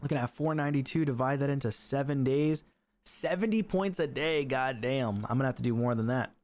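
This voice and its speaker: A man commentating his own live game stream, chatty and excitable, laughing often and talking to his viewers. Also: mid-range voice, fairly quick.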